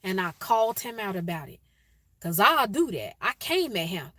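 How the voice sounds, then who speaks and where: A woman from Chicago telling a personal story and urging listeners toward peace, in an animated, emphatic way with strings of repeated questions. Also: mid-range voice, normal speed, no room sound. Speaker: inspirational speaker.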